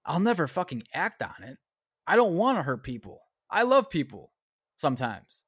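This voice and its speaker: A man's voice: on the high side, huge pitch swings, moderate pace, fairly bright tone, slightly rough, no room sound, studio quality. A man hosting a solo podcast, thinking aloud in a rambling, profane way and reading search results aloud. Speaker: podcast host. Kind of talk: casual solo podcast talk.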